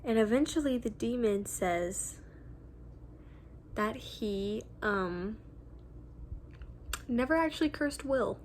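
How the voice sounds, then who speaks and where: A young woman of nineteen talks through her reading in a relaxed vlog, gushing and filling pauses with ums and likes. Her voice sits fairly high for a woman. A faint hum of background noise runs under her speech. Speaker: book vlogger. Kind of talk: casual reading vlog chat.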